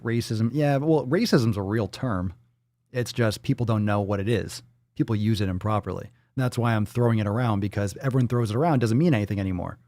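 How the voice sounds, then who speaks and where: A man's voice: fairly low pitch, a little mellow, no room sound, clean studio sound. Profane joking male livestream host. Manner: joking, profane and riffing off-the-cuff. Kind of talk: casual livestream chat, reading viewer donations.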